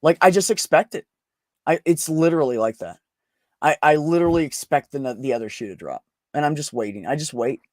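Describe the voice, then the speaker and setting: A man's voice: a little high, expressive, fairly quick, dry recording, clean studio sound. A man candidly telling a personal story in casual conversation, blunt and emotional, swearing often. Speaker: podcast host.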